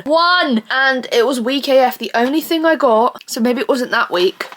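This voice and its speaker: A woman's voice: a little high, a little hiss or hum. A young woman, chatting casually to camera in a rambling, self-mocking vlog with dramatic outbursts. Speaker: vlogger.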